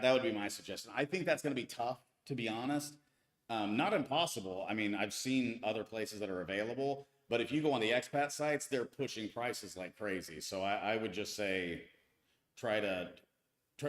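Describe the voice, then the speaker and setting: American male streamer, 30s, casual and chatty, mid pitch, echoey room. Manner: chatty, reads viewer comments aloud, frequent restarts. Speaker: live-stream host. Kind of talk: casual live-stream chat. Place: home with tile floors.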